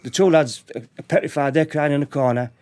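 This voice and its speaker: A middle-aged man with a Middlesbrough accent, telling stories as a podcast guest in a lively, anecdotal way. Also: fairly high pitch, a little fast. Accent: Middlesbrough English. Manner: lively anecdotal retelling, laughing often. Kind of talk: storytelling in a podcast interview.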